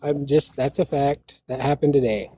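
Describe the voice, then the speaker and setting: A man on a live online debate panel, argumentative and crude, with a husky voice. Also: mid-range voice, moderate pace, mellow.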